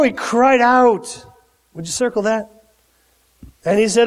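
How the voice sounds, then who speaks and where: A pastor preaching a sermon, acting out the Bible characters' lines in a lively, conversational way. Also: male voice, high-pitched, a little slow, pauses often. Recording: long hall reverb.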